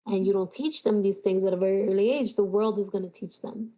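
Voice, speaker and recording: A woman's voice: mid-range voice, steady tone, a little fast, warm tone. Woman, podcast guest, earnest and emphatic, casual. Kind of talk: casual chat.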